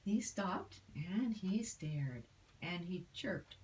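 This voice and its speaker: An older woman reading a rhyming picture book aloud, expressive, with asides to a child. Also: on the low side, extremely slow, far from the mic, a little hiss or hum, poor audio. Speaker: storyteller.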